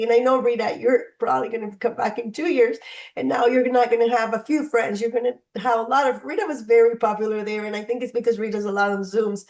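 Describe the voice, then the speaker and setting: A woman hosting a group video call, chatty and encouraging, speaking to the members by name. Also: medium pitch. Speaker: host of a mentoring call. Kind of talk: casual motivational talk on a group call.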